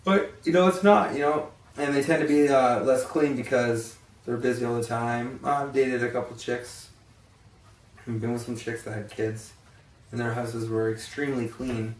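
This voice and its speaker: A man's voice: medium pitch, steady tone, normal speed. Blunt, tired man rambling in an echoey room. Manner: blunt, swears freely, rambling with many fillers. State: tired and yawning. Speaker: vlogger. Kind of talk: casual rambling monologue. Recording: echoey room, distant from the mic.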